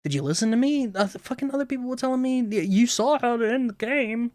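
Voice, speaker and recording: A man's voice: extremely high pitch, lively intonation, fast talker, a little mellow, no room sound. A man streaming a game, commenting bluntly and swearing freely into a close desk mic at home. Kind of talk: let's play commentary.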